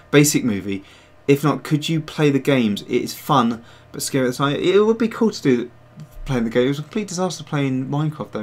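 A man hosts a casual livestream with a middle-pitched voice. He rambles and pokes fun at himself, reading out viewers' messages as they come in. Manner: rambling, self-mocking, reads chat aloud. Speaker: host of a digital sculpting stream.

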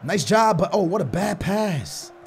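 A young man doing loud, slangy live commentary over a football video game, his voice strained from shouting. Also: high voice, sing-song, measured pace, creaky, soft background music. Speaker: gaming YouTuber.

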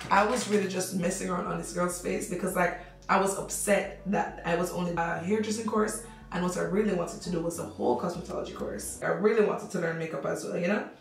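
A woman's voice: lowish voice, vocal fry, far from the mic. Chatty Jamaican woman in echoey room. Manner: chatty, animated storytelling. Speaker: makeup artist. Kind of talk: makeup tutorial with storytime.

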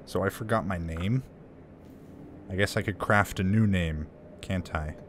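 A man's voice: low voice, unhurried, slight background noise. A man casually commenting on a horror game he is playing, joking and reading in-game notes aloud. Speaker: let's play gamer. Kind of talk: gameplay commentary.

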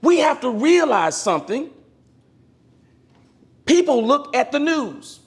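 Preacher guy with a real high voice, super animated, asking for amens. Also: slow. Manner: animated preaching, swings from loud exclamations to low asides; calls for amen from the congregation. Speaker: minister. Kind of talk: sermon.

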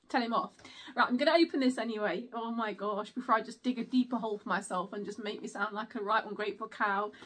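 A woman's voice: medium pitch, fairly even intonation, fast talker. A woman chatting casually through an unboxing at home, apologetic and giggly, speaking into a camera mic. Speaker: vlogger.

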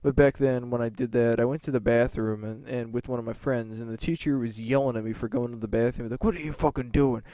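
Male vlogger, casual rambling storytelling with heavy swearing, mellow smooth voice, even delivery. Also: mid-range voice, fast talker, hardly any pauses, no echo.

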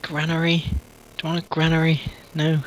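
A man's voice: on the high side, monotone, a little fast, low-quality recording. A man in casual gameplay chat, making dry joking asides to his friend. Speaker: co-op player.

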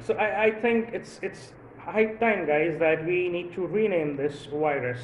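Slow, chuckling man doing stand-up. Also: high-pitched, reverberant, slight background noise, low-quality recording. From India. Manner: rambling, with many fillers and chuckles at own jokes. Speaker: stand-up comedian. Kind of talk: stand-up comedy monologue.

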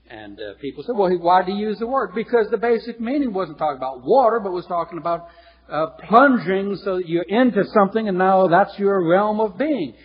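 A man preaching a lecture-style sermon, teaching in a lively, animated way with chuckles and restarts. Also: high-pitched, husky. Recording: dull lo-fi recording in a reverberant hall.

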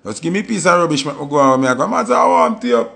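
A man with a Jamaican Patois accent, telling stories in a casual monologue and acting out quoted voices with sudden high jumps. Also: very animated, rapid-fire, creaky, fairly bright tone. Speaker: commentator.

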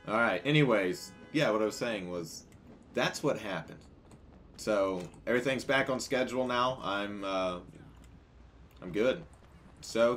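A young man with a fairly low voice talks through a video game in casual let's-play commentary. He jokes crudely and breaks into loud, excited shouting, with a faint hiss of noise behind him. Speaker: gaming YouTuber.

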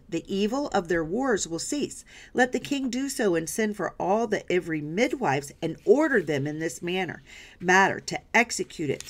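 A woman Bible teacher reading scripture aloud and stopping to explain it, often checking in with "right?" and "okay?". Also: on the low side. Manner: reads passages aloud, then stops to explain.

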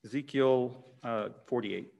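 A man, preaching a sermon in a measured way, repeating key phrases with pauses, in a church hall. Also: medium pitch, gravelly, darkish tone. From Canada. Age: 60s. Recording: long echoing church reverb.

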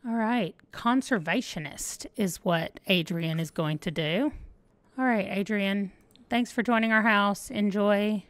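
A woman's voice: medium pitch, measured pace, no echo. A woman hosting a let's play, chatting casually and thinking aloud as she plays. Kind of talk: casual gameplay commentary.

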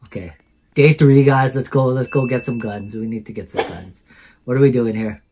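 A man hosting his gaming channel, giving excitable gameplay commentary, repeating himself and calling out to his viewers. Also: mid-range voice, normal speed, music in the background.

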